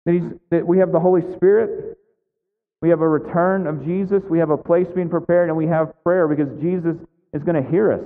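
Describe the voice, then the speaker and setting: Man preaching over a tinny line. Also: fairly high pitch. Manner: conversational preaching with frequent "right?". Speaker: pastor. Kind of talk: sermon. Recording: tinny phone-like sound with long hall reverb.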